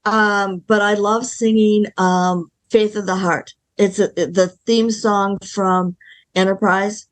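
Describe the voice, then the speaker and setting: A woman filmmaker answering interview questions in a thoughtful, halting way, with frequent restarts and ums. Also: mid-range voice, steady tone. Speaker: filmmaker guest.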